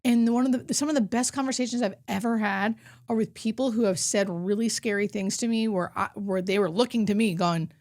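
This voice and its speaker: A woman hospice nurse, a guest on an interview show, telling stories in a casual, animated way and acting out what people said. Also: mid-range voice, fairly quick. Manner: animated storyteller, acts out quotes.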